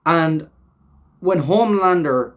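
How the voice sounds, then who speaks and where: A man's voice: fairly high pitch, lively intonation, slow, muffled recording. A man hosting a casual reaction recap of an episode, rambling with lots of fillers and frequent swearing. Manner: rambling, filler-heavy, swears often, laughs while talking. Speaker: show host reviewing an episode.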